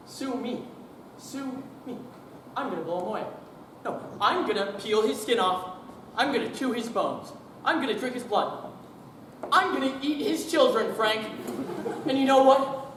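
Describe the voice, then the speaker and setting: A man's voice: high voice, a bit bright, recorded from a distance, slight background noise. A young man playing a blustering, bullying boss in an echoey hall. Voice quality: ranting, bullying, sarcastic. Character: hot-tempered blustering male boss on the phone. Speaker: speech competition contestant. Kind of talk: humorous interpretation monologue. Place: school auditorium.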